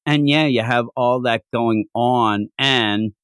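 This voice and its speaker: A man co-hosting a casual podcast chat, animated, often slipping into high put-on voices to act out character lines. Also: slow pace, clean tone, no room sound, clean studio sound. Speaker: podcast co-host reviewing an anime.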